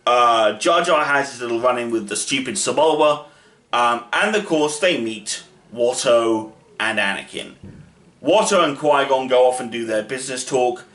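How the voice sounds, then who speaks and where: A man talks through a story in a loose, rambling way, full of fillers and side comments. His voice has a bright, forceful edge. The recording carries a noticeable room echo. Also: medium pitch, animated, moderate pace. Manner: chatty, rambling, with asides and fillers. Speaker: channel host. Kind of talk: casual story retelling. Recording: roomy echo.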